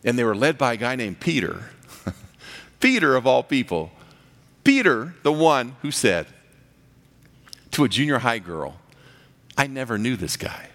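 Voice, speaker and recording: Pastor guy preaching, goes big then drops to a whisper, bit of fry, long echo. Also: sing-song, unhurried, long pauses. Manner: dynamic preaching, swelling loud and high then dropping to a hush. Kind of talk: sermon. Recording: reverberant hall.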